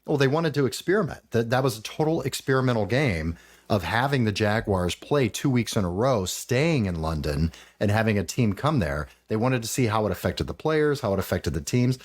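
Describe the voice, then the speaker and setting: A man with a lowish voice hosting a fantasy football podcast, his pitch swinging lively as he talks. He rambles into asides and swears casually. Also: a little fast. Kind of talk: casual sports chat.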